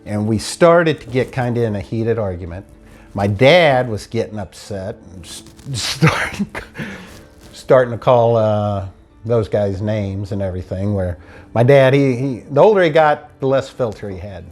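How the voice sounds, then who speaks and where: Faint music plays behind a man with a low-leaning voice as he relates, at a measured pace, how his car was stolen. His intonation is lively, and he casually acts out what each person said in turn.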